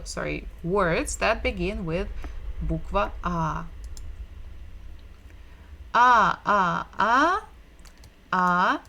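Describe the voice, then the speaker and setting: A woman's voice: on the low side, a bit bright. A woman who speaks natively teaches a language lesson, patiently repeating sounds and asking learners questions. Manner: asks the audience questions.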